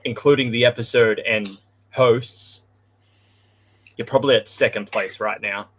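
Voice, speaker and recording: A man's voice: medium pitch, fairly even intonation, unhurried, a bit bright. A man co-hosting a live podcast, teasing and ribbing the host in casual chat.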